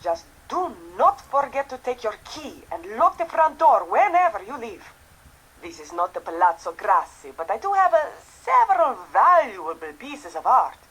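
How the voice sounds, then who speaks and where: An actress playing a vain, chatty Venetian landlady in a mystery game, with a lively, theatrical delivery. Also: on the high side, moderate pace, breathy edge, full character voice, rough recording. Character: tanned Italian landlady in Venice, vain, chatty. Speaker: game character.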